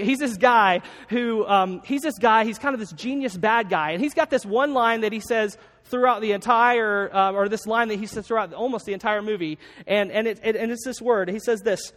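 A pastor with a notably high voice delivers a sermon in a casual, chatty way, restating each main point twice. His voice rings out through a large church space with a long, trailing reverb. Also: a bit bright. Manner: conversational, repeats key lines for note-taking. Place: church sanctuary with a congregation.

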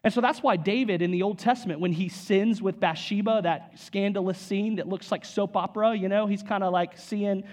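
A man preaching a sermon in an animated, conversational way, with frequent repeats and asides to the congregation. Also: high-pitched, a little fast, few pauses. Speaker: pastor.

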